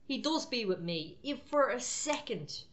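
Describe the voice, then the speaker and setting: A woman's voice: fairly high pitch, expressive, unhurried, a little hiss or hum. A woman preaching a sermon, firm and exhorting in a conversational way.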